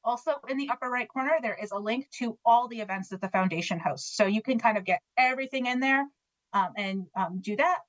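A woman's voice: fairly high pitch, fairly quick, no echo. Woman radio guest speaking for a foundation, friendly, hesitant with fillers, a bit muffled and dry. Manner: friendly, many fillers and restarts. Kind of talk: casual radio interview.

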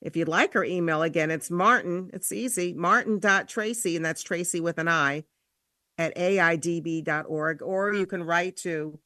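A woman's voice: fairly low pitch, pushed and bright, no room sound, studio quality. Chatty older woman with a New Jersey accent. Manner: chatty, laughs easily, reads out numbers slowly. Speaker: radio show co-host. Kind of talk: casual radio chat.

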